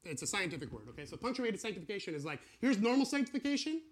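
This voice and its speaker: A man's voice: sits high, rapid-fire. A man teaching a casual sermon, drawing on a board as he talks and acting out what God and believers say. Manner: animated, acts out voices of God and believers. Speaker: preacher teaching a series.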